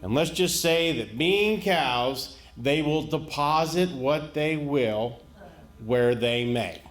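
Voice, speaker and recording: A man from rural Florida, telling stand-up stories in a folksy, unhurried way and laughing into his punchlines. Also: fairly high pitch, lively intonation. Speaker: stand-up comedian. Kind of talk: stand-up comedy storytelling. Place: comedy stage before a live audience. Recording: live show with audience noise.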